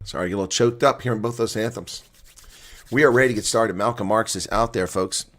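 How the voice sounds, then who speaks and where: A man giving live reaction play-by-play commentary, excitable and opinionated, dropping to quiet asides and then rising to loud calls when the action starts. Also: on the low side, fast. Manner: opinionated, argues with referee calls. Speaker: live watch-along commentator.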